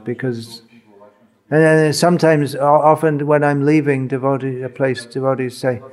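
A man's voice: mid-range voice, steady tone, darkish tone. A man giving an informal talk as a spiritual teacher, conversational and wry, using everyday examples. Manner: slow, conversational, wry humor, illustrative examples. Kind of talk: informal lecture to an audience.

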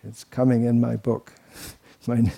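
A man's voice: mid-range voice, flat delivery, takes it slowly, creaky, warm tone, breathy edge. Man giving a rambling devotional lecture. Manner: wandering, anecdotal, with mocking asides. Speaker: spiritual teacher.

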